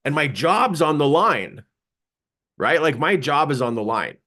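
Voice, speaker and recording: With a slightly high voice and a measured pace, a male seminar speaker shares a personal anecdote live. His telling is lively, punctuated by laughs and acted-out quotes.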